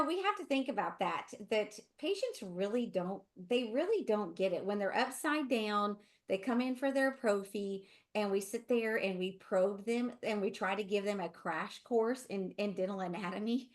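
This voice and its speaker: Speaking at normal speed in an expressive, mid-range voice, this Southern US woman is middle-aged and works as a dental hygienist. Co-hosting a webinar, she rambles chattily through a story, adding asides along the way.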